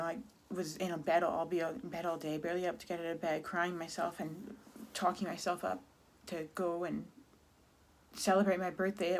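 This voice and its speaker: Sad, halting Canadian woman in her thirties. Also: mid-range voice, darkish tone. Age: 30s. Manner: candid, halting, many restarts and fillers. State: sad, near tears. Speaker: vlogger. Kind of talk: personal confessional vlog.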